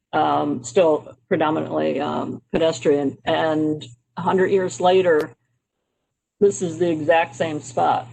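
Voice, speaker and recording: A presenter from Maryland, United States, with a mid-range, slightly mellow voice and some vocal fry, walks a county committee through slides on urban history. The talk is informal and conversational, full of um and uh fillers and restarts, on a low-quality recording.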